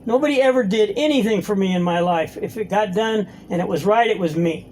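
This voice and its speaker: A man's voice: sits high, fairly quick, a little mellow, a little hiss or hum, rough recording. A middle-aged man telling his recovery story at a meeting, blunt and profane, acting out both sides of the conversations he recalls. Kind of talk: personal story talk. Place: meeting room.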